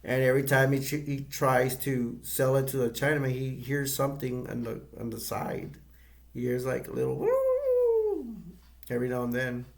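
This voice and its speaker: Gravelly man rambling through a movie review. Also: medium pitch, little pitch movement. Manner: rambling, halting retelling with many restarts.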